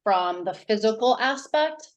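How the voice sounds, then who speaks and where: Woman, parenting coach, interview guest, animated, rambling, restarts often. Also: a little high, unhurried, muffled recording. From New Hampshire. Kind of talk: casual interview talk.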